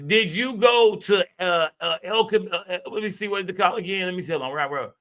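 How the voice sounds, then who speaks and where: A male live stream host chats loosely with his viewers, piling on filler tags and swearing freely. His voice sits a bit high and comes through bright and forceful. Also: fast talker. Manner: loose, rambling and profane, with lots of filler tags. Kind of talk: casual live stream commentary.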